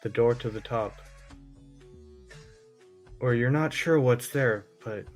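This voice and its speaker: A man running a tabletop role-playing game, describing scenes to the players. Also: medium pitch. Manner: descriptive, steady narration. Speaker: game master.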